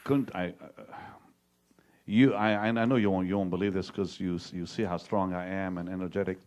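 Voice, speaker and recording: An older man, a televangelist, tells a personal story in a halting way, repeating words and acting out what others said to him. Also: low-pitched, fairly even intonation, a little mellow. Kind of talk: personal testimony to an audience.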